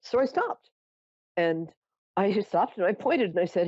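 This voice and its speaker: A woman's voice: mid-range voice, big pitch swings, moderate pace, darkish tone, slightly rough, no room sound, lo-fi sound. A woman hosting a psychic call-in show, telling a story in a chatty, theatrical way with self-mocking asides. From New York. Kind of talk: casual storytelling to callers.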